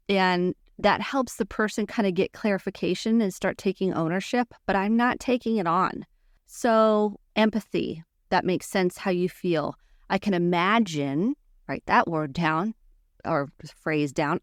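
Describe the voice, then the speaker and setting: A woman's voice: medium pitch, normal speed, no room sound. A woman therapist talks straight to her podcast listeners, coaching them earnestly and acting out the phrases she wants them to use. Her voice sits mid-range and is recorded close on the mic, with a dry, dead sound and no room around it. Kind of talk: teaching podcast monologue.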